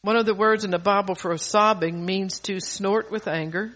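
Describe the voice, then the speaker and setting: An adult preacher and parent delivers a sermon, reading psalms aloud earnestly, with force swelling on key lines and frequent stumbles and restarts mid-phrase. The voice is mid-range, a bit bright, fairly even in intonation, and at normal speed.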